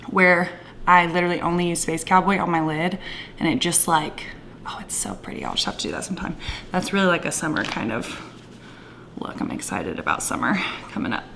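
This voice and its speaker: Gushing woman vlogger, low voice. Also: a little hiss or hum. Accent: playful put-on Southern twang. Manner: gushing, enthusiastic, drifts into soft whispers. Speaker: beauty vlogger. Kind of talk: casual makeup tutorial chat.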